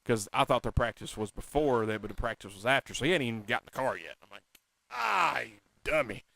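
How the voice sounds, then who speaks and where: A man hosting a casual talk show, telling a story in an animated, excitable, self-mocking way. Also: medium pitch, fast talker, creaky. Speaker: podcast host.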